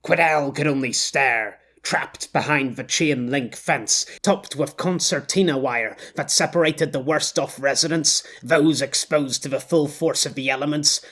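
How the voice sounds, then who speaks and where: A man reading an audiobook as narrator in a measured, intense style. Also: medium pitch, a bit bright.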